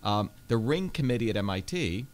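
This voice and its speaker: A man's voice: fairly low pitch, very animated, brisk. A man, a Senate candidate telling his life story earnestly in a radio studio interview, with many fillers. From India.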